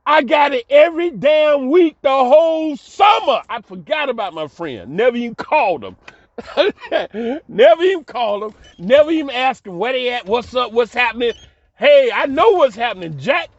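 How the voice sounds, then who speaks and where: A middle-aged man recounts his own life with loud exclamations and frequent laughter. His voice sits high and leaps around with lively swings of pitch. The recording is dry and slightly muffled, like lo-fi audio. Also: moderate pace, no room sound. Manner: exclamatory, laughs often, colloquial. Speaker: vlogger telling his life story. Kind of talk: animated personal storytelling.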